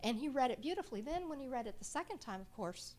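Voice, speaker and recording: A middle-aged woman leads a reading workshop with a slightly high voice. She speaks in a chatty, informal way and keeps checking in with the people listening. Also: animated, fast, a little mellow. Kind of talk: live workshop talk to an audience.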